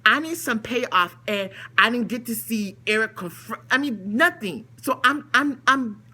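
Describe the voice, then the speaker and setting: A woman with a bright, rather high voice delivers a casual to-camera rant. She sounds blunt and exasperated, piling up rhetorical questions and throwing in flat dismissive asides. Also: unhurried, slightly rough. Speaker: vlogger reviewing a TV episode.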